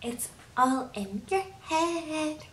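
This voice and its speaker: A woman's voice: high-pitched, lively intonation, extremely slow, a bit bright, roomy sound, a little hiss or hum, voice pushed up, exaggerated voice. A woman voicing a manipulative young woman who picks fights, speaking in a cold, mocking, dismissive way. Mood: scornful.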